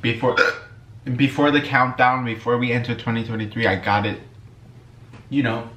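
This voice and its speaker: A young man casually chatting while he eats through a fast-food meal, laid-back and slangy, dropping "you know what I'm saying" again and again. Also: medium pitch, steady tone, a bit bright. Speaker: vlogger and musician. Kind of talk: casual mukbang chat while eating. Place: room at home. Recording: echoey room.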